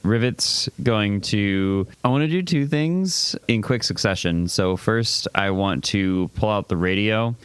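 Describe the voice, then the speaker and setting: A man's voice: fairly low pitch, measured pace, hardly any pauses, clear, resonant tone, no room sound. A man playing a tabletop game, laying out his plan in a matter-of-fact way. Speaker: player.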